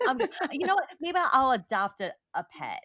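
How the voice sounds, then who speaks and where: A woman co-hosting a podcast about motherhood, speaking in a measured, reassuring way as she offers gentle reframes. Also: sits high, sing-song, dry recording. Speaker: podcast co-host. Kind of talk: casual chat.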